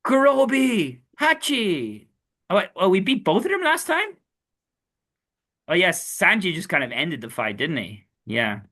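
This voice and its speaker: A playful man chats and banters as a podcast co-host. His voice is bright and lively, and his pitch swings a lot. He reads a comic aloud and drops into character voices. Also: a little slow. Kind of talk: casual chat.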